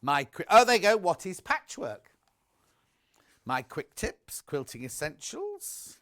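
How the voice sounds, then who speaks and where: A man's voice: high-pitched, wildly swooping pitch, takes it slowly, fairly bright tone. A man presenting a live home shopping broadcast, chatty and gushing, reading out viewer messages as he shows products.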